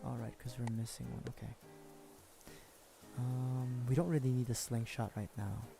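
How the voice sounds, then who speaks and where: A man's voice: mid-range voice, little pitch movement, moderate pace, vocal fry, dark tone. A man chatting casually through a gaming livestream, rambling and correcting himself, often chuckling. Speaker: streamer. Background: game music.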